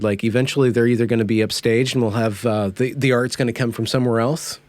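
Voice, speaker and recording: A man hosting a conversation podcast, speaking thoughtfully and searching for words with many pauses and fillers. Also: medium pitch, steady tone, darkish tone, dry recording. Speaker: podcast host. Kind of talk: casual conversation.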